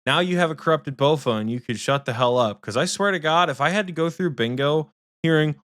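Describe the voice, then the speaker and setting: A man co-hosting a podcast who tells a story in a casual, teasing, profane way, often speeding up into quick bursts. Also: mid-range voice, fairly bright tone, no echo, clean studio sound. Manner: rapid bursts of speech. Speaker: podcast co-host.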